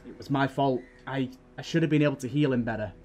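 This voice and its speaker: Guy doing a jittery young healer, guilty and nervous, quick lines. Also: mid-range voice, darkish tone, close to an everyday voice. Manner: nervous, hurried.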